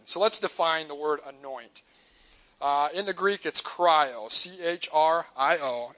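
A man preaching a sermon to his church, earnest, rising on key points and sinking quiet at the ends of lines. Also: on the high side, low-quality recording. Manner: earnest, builds up then drops to a quiet close on key lines.

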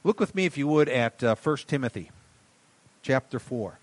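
A man preaching a sermon in a folksy way, swinging from quiet asides to loud emphatic bursts. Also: mid-range voice, lively intonation, moderate pace, no room sound. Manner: folksy, calls listeners buddy and darling. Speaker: pastor.

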